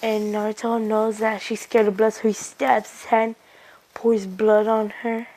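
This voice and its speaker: A woman tells a made-up anime fight story in a casual, rambling way. Her voice sits on the high side and stays fairly level, and she keeps restarting phrases and stringing events together with "he's like.". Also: little pitch movement, unhurried, warm tone, rough recording. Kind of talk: casual retelling of an invented anime fan story.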